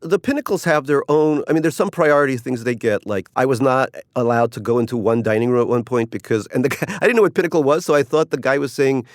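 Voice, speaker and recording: This is a clean, dry studio recording of a middle-aged man with a mid-range voice who talks fast and barely pauses. He's an author discussing his cruise article in an interview, rambling wryly, laughing a lot and doing mock voices when he quotes people.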